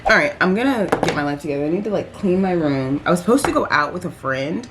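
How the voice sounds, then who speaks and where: Young woman, low voice, chatty vlog storytelling, animated, faint room hum. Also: fast talker. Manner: animated, chatty, lots of fillers. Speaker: vlogger.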